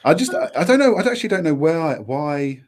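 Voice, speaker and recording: A man co-hosting a podcast in casual chat, with a deep radio-style voice and a rambling, self-deprecating way of talking. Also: big pitch swings, fast. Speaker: podcast co-host.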